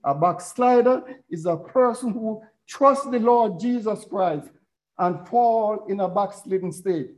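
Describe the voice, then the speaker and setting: A man's voice: high voice, measured pace, low-quality recording. A middle-aged man preaching a sermon, retelling a parable as a story and quoting scripture.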